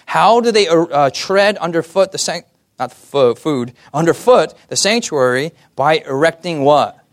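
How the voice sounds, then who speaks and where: A man's voice: fairly high pitch, expressive, unhurried. A young man preaching a sermon, often putting questions to the audience and asking for amens.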